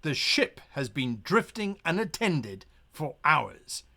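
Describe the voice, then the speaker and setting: A man's voice: a little high, very animated, sharp tone. A man streaming live as game master, reading a gamebook aloud and chatting playfully with his viewers. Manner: brisk, playful, talks back to the chat.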